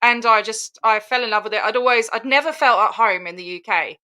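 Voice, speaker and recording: A woman with an English accent chatting as a guest on a video call. Her voice sits a little high and sounds bright and forward. She talks chattily, trailing off into fillers and laughing often. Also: a little fast. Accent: English with Scottish roots. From Scotland. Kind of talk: casual chat.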